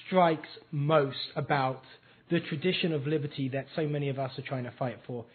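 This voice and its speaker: A man's voice: a little high, fairly even intonation, normal speed, husky, phone-quality sound. A man from England with an English accent, hosting a radio show and introducing his guest with eloquent enthusiasm. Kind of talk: talk radio interview.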